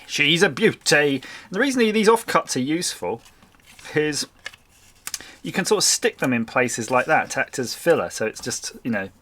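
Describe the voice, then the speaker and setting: A man talks casually while he crafts. He keeps up a chatty flow of self-mocking remarks and quiet muttered asides. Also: mid-range voice, a little hiss or hum. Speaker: crafting channel host. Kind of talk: casual chat while making a collage.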